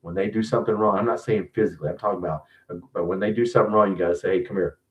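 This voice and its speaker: A man's voice: on the low side, steady tone, racing. A man hosting a sports stream, ranting bluntly and profanely in casual commentary, often restarting his sentences. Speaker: sports show host. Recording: distant, dull lo-fi mic.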